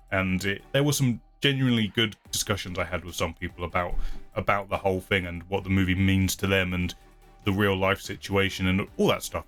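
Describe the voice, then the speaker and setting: A man's voice: on the low side, fairly bright tone. A man hosting his channel who chats casually through viewer comments, rambling, hedging and often laughing at himself. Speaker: channel host.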